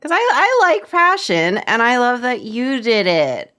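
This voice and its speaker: A woman playing her character in an improvised tabletop role-play, unhurried and giggly. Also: on the high side, wildly swooping pitch, a bit bright, clean tone. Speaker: player.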